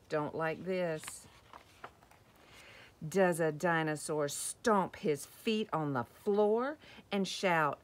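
A woman reading a picture book to young children, gentle and slow, asking questions about the pictures. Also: low voice. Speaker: children's story time reader.

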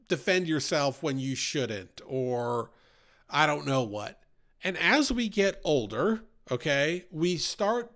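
A man's voice: a little high, fairly bright tone. A man gives a casual Bible study. He talks in a chatty way and often checks in with "right?" and "you know?". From New York. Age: 40s.

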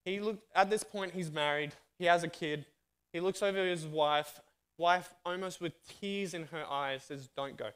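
Australian male speaker, slightly high voice, lively sermon storyteller who acts out dialogue. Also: moderate pace, smooth. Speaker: guest speaker.

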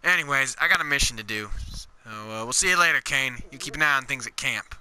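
A man hosting a let's play, chattering excitedly and rambling as he plays. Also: mid-range voice, fast talker, clean tone. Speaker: gaming YouTuber.

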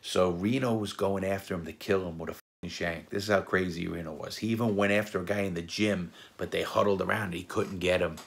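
A man's voice: low voice, steady tone, brisk, vocal fry, few pauses. A man casually telling prison stories from his own past, blunt and profane, acting out the quoted dialogue. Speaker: former jewel thief telling prison stories. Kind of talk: casual storytelling.

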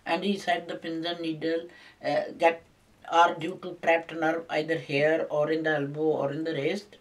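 Older man recounting haltingly, off-mic. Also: on the high side, flat delivery, distant mic, poor audio. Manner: halting, repetitive recounting with many fillers. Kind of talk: personal complaint monologue.

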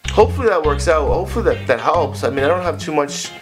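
A man's voice: on the high side, animated, quick pace. A man hosting a casual video Q&A, talking in a loose, playful, chatty way. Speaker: vlogger giving hair advice. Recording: guitar music playing behind.

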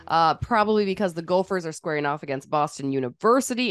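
A woman's voice: low-pitched, animated, quick pace, hardly any pauses, faint music behind. A woman hosting a sports podcast, chatting casually with a playful, teasing and opinionated manner. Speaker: podcast host.

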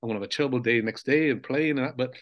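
An older man, a former footballer, recounting memories in a relaxed, reflective way with fillers and soft laughs. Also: mid-range voice, racing, no echo, lo-fi sound. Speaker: interview guest, former footballer. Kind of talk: casual reminiscing interview.

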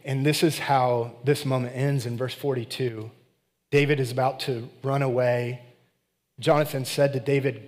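A male pastor preaching in a relaxed, conversational manner. He reads scripture, then retells it with slangy asides. His voice sits at a medium pitch. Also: moderate pace. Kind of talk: sermon.

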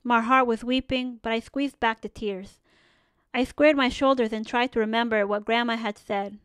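A woman narrating a first-person memoir audiobook in an earnest, measured storytelling manner, close to a studio mic. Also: a little high, steady tone, fairly bright tone, clear, resonant tone, no echo.

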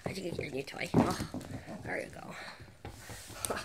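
A woman's voice: on the low side, fairly quick, pauses often, very noisy. A woman talking casually to a puppy during training, in coaxing baby talk full of praise, often dropping into whispers. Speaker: dog trainer.

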